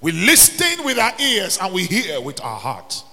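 A man preaching a sermon as pastor, building into shouts and sung phrases. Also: high voice, wildly swooping pitch, a little slow. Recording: long reverb with faint music.

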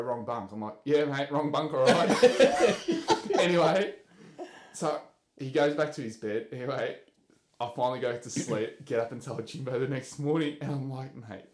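A man's voice: mid-range voice, roomy sound. A young Australian man hosting a podcast, telling stories in casual, swearing chat. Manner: animated, swearing storyteller. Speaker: podcast host.

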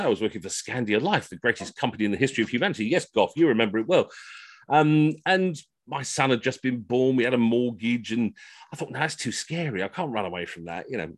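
A middle-aged man spins self-mocking comic tales over a video call. His delivery is chatty and rambling. His voice sits at an ordinary middle pitch, and it comes through dry and close. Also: dry recording. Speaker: costumed history entertainer.

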